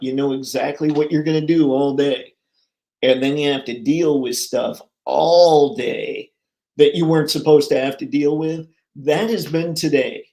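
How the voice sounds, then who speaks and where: An upbeat man with a slightly high voice hosts a casual live stream and chats with viewers. His talk is jokey and chatty. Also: a little mellow. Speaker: host of a toy collecting live stream.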